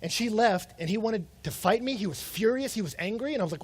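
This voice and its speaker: Conversational high-voiced man preaching a sermon. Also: expressive, fast, hardly any pauses, breathy edge. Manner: conversational preaching with acted-out quotes and rhetorical questions. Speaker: pastor.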